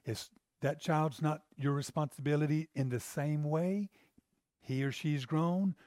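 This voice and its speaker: Earnest preaching man, higher voice. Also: fairly even intonation, unhurried, a little mellow, dry recording, clean studio sound. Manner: earnest, conversational preaching with rhetorical questions. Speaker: pastor. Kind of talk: sermon.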